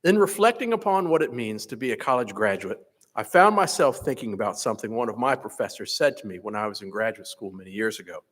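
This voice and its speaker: A man, a faculty senate president, giving a measured, earnest commencement speech from a podium. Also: fairly low pitch, lively intonation, a bit bright. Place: large hall. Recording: echoey hall PA recording.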